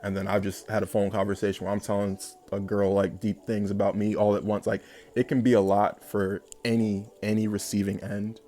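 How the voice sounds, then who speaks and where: A man's voice: on the low side, flat delivery, a little fast, dark tone. A young man telling a long personal story in a casual, rambling way, full of fillers and bursts of laughter. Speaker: vlogger.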